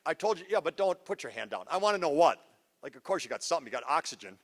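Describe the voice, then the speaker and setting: A middle-aged man giving a live parenting talk to an audience, joking, goofy and energetic, teasing the crowd. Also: on the high side, fast. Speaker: parenting seminar speaker. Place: school event before a live audience.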